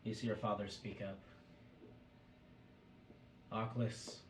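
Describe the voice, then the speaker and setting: A man narrating as game master of a tabletop game, describing scenes in a measured way. Recorded in a roomy space from a distant mic. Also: fairly low pitch, fairly even intonation, a little hiss or hum.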